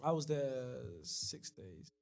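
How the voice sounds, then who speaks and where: A man's voice: medium pitch, expressive, slow, a little mellow. Laid-back young man. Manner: laid-back, trailing off, lots of yeahs. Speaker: podcast guest. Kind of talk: casual chat.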